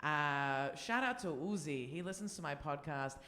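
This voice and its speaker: A woman's voice: low-pitched, lively intonation, normal speed, a bit bright, roomy sound. A woman comedian hosting a live podcast on a theater stage, joking and laughing at herself. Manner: laughing, joking, self-deprecating. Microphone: stage microphone.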